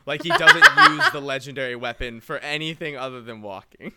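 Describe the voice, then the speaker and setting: A man chatting casually as a guest player while he builds a game character, animated and laughing often. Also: medium pitch, brisk, very noisy. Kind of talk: casual chat.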